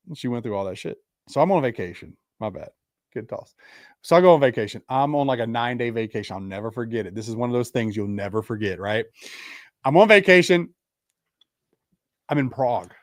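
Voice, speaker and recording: Young man, podcast guest, rambling casual story, mid-pitched voice, dry close sound. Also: animated, normal speed, long pauses, no echo. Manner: rambling, fillers of "like".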